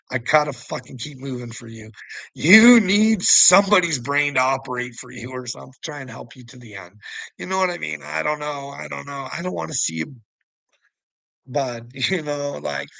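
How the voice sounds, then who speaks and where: Gravelly man mocking and laughing. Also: a little high, fairly bright tone, no echo. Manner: taunting, profane, laughs often between lines. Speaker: vlogger. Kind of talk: mocking rant to the camera.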